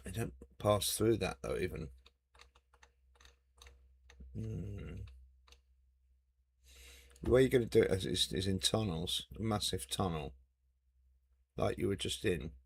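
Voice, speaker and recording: Low gravelly man bantering. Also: slow pace, pauses often. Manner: joking banter with mild swearing. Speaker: gamer. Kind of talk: casual chat while playing a game.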